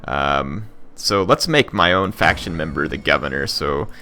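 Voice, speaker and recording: A young man narrates his strategy game turn in a deep voice with a bright, pushing edge to it. He talks casually, thinking out loud, trailing off into ums and half-finished restarts. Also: expressive, unhurried. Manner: thinking aloud, many fillers and restarts. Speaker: gaming channel host. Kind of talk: casual let's-play commentary.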